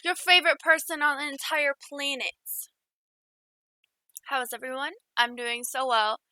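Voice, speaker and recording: A young woman chatting casually and excitedly with her live stream viewers, giggling often. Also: high voice, unhurried, no echo.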